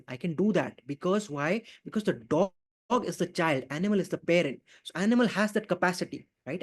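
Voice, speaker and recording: A man's voice: sits high, breathy edge. A man teaching a live online programming class, answering his own questions and tagging nearly every line with "right?" and "okay?". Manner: repeats key phrases, frequent fillers. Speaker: programming instructor. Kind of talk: live online coding lesson.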